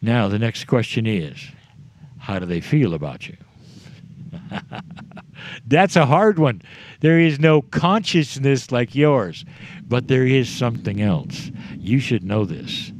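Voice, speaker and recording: A man delivering a channeled spiritual message to a live audience, speaking in short measured phrases and addressing the listeners directly. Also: mid-range voice, expressive, a little mellow.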